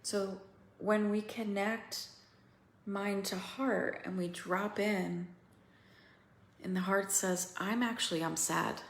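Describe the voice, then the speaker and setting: Slow-spoken woman coaching, roomy sound. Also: medium pitch, fairly even intonation. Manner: slow, pausing, candid with swearing. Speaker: women's coach. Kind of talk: guided emotional coaching talk.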